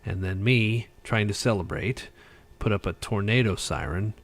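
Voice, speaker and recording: A man's voice: on the low side, moderate pace. A tired man hosting a casual livestream chat, rambling with lots of fillers. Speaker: livestream host.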